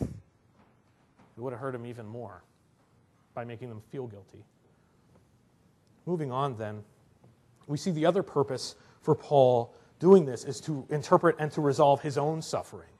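A man's voice: medium pitch, darkish tone. A man preaching a sermon in a conversational way, acting out little quotes and often asking "right?". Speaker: pastor.

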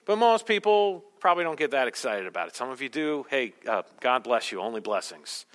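A man's voice: mid-range voice, very animated, brisk, fairly bright tone, in a large hall. A male pastor preaching a sermon in a conversational way with self-deprecating humor.

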